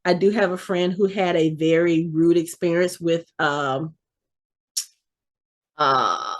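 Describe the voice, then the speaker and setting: A woman's voice: fairly low pitch, fairly even intonation, takes it slowly. A woman in her forties co-hosting a podcast, telling a story in casual chat and acting out the voices of the people she quotes. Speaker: podcast co-host.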